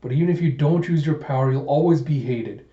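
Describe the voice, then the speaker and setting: A man voicing a stern older swordsman who scolds sharply and speaks gravely. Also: on the high side, a little fast, mellow, reverberant, dull audio, lightly acted.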